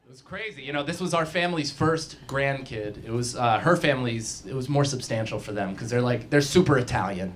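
A man in his thirties telling a stand-up story, animated and often laughing through his lines. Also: mid-range voice, brisk. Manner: animated, laughing, mock-outraged impressions. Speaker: stand-up comedian. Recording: clip with noisy live ambience.

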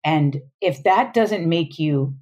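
A woman's voice: low voice, animated, takes it slowly, darkish tone. A woman in her forties speaking earnestly as a parenting coach on a podcast, laughing often. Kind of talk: casual interview talk.

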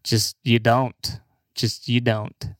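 A man hosting his podcast alone, talking casually and slowly, with lots of swearing and joking. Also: mid-range voice, level tone, fairly bright tone, no room sound, studio quality. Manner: slow, swearing, laughs between jokes. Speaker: podcast host. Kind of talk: casual comedic monologue.

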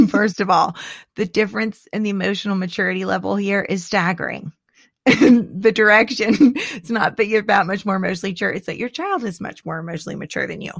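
Middle-aged female co-host, chatty and animated, frequent laughs and restarts, dry recording. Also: mid-range voice, brisk, gravelly, no room sound. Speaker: podcast co-host. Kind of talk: casual chat.

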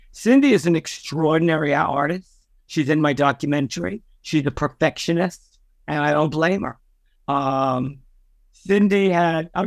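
An older man from Brooklyn, New York, a record executive guesting on a storytelling podcast interview, is talkative, chatty, and warm-hearted, with many fillers and restarts. His pitch is raised with vocal fry, and the studio sound is clean with no echo.

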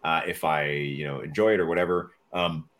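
A man with a deep, radio-like voice, a French speaker, rambling through stories as a podcast guest. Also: steady tone, a little fast, a bit bright. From Canada. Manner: rambling, self-deprecating storyteller with many fillers. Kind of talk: casual chat.

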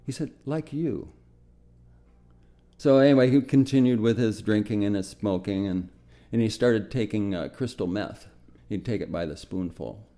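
For a documentary radio piece, an older American man tells his own story in a lowish voice. He speaks slowly and reflectively, often dropping to a quiet murmur.

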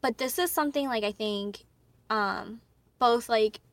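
A young woman co-hosting a podcast, with a slightly high voice recorded dry and close to the mic. She chats in a giggly way, trailing off into fillers. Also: a little slow, no room sound. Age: 20s. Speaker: podcast co-host. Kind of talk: casual chat.

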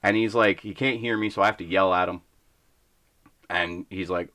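Brash young man ranting, bright voice. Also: low voice, steady tone, normal speed, no echo. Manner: blunt, ranting, acts out voices in stories. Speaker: podcast co-host. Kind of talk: casual podcast chat.

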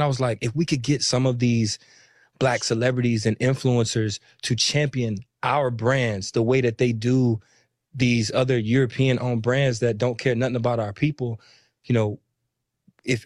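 A man's voice: mid-range voice, steady tone, normal speed, a little mellow, no echo, clean studio sound. A young man who founded a clothing brand, speaking earnestly and often checking in with "you know what I'm saying.". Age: young adult. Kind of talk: interview answer.

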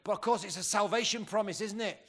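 A man's voice: high-pitched, quick pace, a bit bright. A man in his fifties preaching a conference sermon, rousing and quizzing the crowd, often restarting his sentences. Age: 50s. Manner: rousing, asks the crowd questions, stumbles and restarts.

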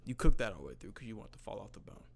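Gravelly young man telling shop stories. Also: fairly low pitch, big pitch swings, rapid-fire. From North Carolina, USA. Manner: profane, storytelling, acts out customers. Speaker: butcher. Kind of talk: casual chat.

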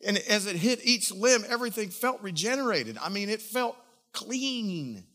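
Bright-voiced, animated male pastor. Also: high voice, normal speed. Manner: emotional, animated storytelling. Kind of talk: sermon with personal testimony.

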